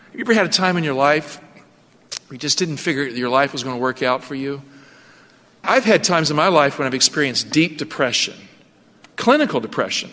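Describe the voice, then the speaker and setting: A man's voice: on the high side, pushed and bright, long reverb tail. A man preaching a sermon, retelling scripture in a dramatic storytelling way. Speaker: pastor.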